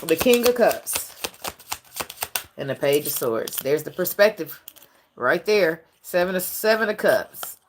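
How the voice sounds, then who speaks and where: A woman's voice: lowish voice, animated, measured pace, pauses often, slight background noise. A woman tarot reader talking casually to her viewers, preachy and profane, and emotional about her faith. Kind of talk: casual tarot reading monologue.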